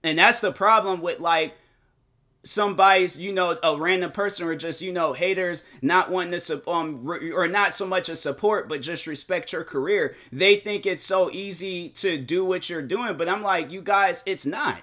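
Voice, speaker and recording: Guy hosting a podcast, ranting with lots of fillers, kinda high pitched and tense sounding. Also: normal speed. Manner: animated and rambling, many fillers and restarts; defensive, emphatic. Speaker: podcast host and YouTuber. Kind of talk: casual motivational monologue. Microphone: desk microphone.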